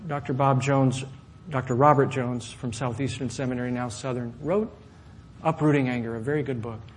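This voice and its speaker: A man preaching a sermon to a congregation, lively and often asking questions of his listeners. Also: mid-range voice, normal speed, a little hiss or hum. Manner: animated, asks the audience questions. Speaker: pastor.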